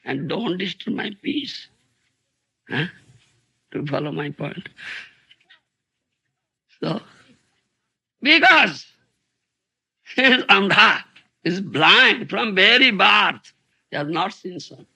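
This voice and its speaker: A man's voice: high voice, very animated, slow pace, creaky, pauses often, sharp tone, breathy edge. An older man giving a spiritual lecture. He keeps asking his listeners "isn't it?" and "huh?", and he acts out little dialogues in a raised voice. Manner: rhetorical, asks "isn't it?" and "huh?" often. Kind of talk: sermon.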